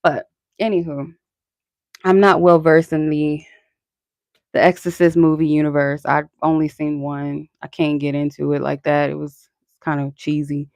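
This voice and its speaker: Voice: mid-range voice, little pitch movement, normal speed, vocal fry, darkish tone, no echo. A channel host talking in a casual, rambling and profane way, full of "like" and laughter. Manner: frequent filler "like" and laughter. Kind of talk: casual chat.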